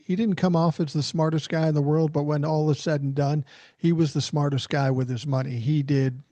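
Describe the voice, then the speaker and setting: Man, podcast host, animated storyteller, mellow and fairly high voice, dry muffled sound. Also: no room sound. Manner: animated anecdote-telling, swears freely. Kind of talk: casual storytelling chat.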